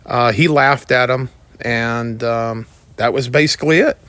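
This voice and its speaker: A middle-aged man who remodels bathrooms, telling a story in a casual, halting way. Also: mid-range voice, a bit bright, dry recording. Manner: halting, with fillers and restarts.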